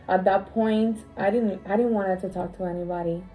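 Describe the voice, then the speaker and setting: A woman telling a personal story in a heartfelt conversation, emotional and halting, often restarting her phrases. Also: medium pitch, steady tone, warm tone, soft background music, low-quality recording. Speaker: co-host sharing her story.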